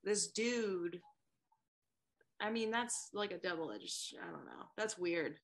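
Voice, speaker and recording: Low-voiced woman co-host reacting quietly. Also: expressive, slow, gravelly. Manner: quiet reactions, trails off mid-thought. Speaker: podcast co-host. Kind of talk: casual chat.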